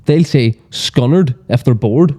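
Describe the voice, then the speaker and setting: Belfast man, mellow voice, swearing storyteller. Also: mid-range voice, brisk. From Northern Ireland. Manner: animated storyteller, swears freely, acts out quotes. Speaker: podcast guest. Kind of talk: casual chat.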